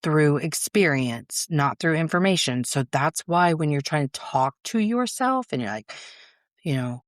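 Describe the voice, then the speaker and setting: A woman's voice: sits low, lively intonation, a little slow, dry recording, studio quality. A woman hosting a solo podcast, talking casually and frankly, swearing freely and acting out her inner voice in little quoted asides. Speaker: podcast host.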